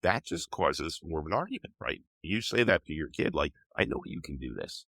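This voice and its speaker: A man's voice: very deep voice, very animated, normal speed, creaky, a bit bright, no echo. An older man with a cold, patiently explaining ideas as a guest author in an interview. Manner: patient, teaching tone. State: has a cold.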